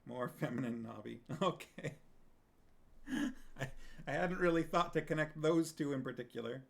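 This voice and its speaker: Creaky-voiced man chatting with stream viewers. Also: on the high side, normal speed. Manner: chatty, laughs often, reads viewer comments aloud. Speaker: streamer reading a book to chat. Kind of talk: casual stream chat.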